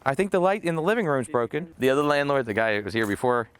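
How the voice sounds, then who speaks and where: A man's voice: mid-range voice, very animated, fast, clean tone. A man, a real estate investor chatting casually as he walks through his rental units, laughing often. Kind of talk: casual walk-through vlog narration.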